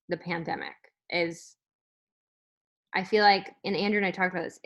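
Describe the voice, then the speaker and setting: A woman's voice: on the low side, fairly bright tone. Rambling woman on a video call. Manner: open, rambling, many filler words. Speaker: guest at an online moms' meet-up. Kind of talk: casual chat.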